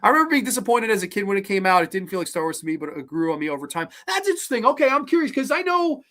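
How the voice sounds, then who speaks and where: A host in their late twenties, chatting casually on a live stream, animated, swearing freely and often restarting sentences. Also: mid-range voice, very fast. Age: late 20s. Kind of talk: casual live stream chat, reacting to viewer comments.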